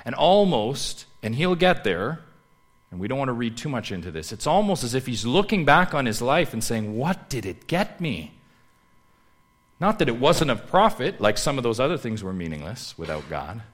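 A man preaching a sermon, swinging between loud emphatic lines and hushed low asides, and putting rhetorical questions straight to his listeners. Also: sing-song, a little fast. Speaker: pastor.

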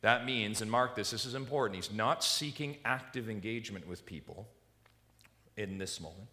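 A male pastor preaching through a passage, voice bright and forceful over a lowish pitch. He leans hard on key words and keeps asking the congregation questions, then answers them himself. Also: moderate pace. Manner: emphatic, rhetorical questions to the congregation. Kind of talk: expository sermon.

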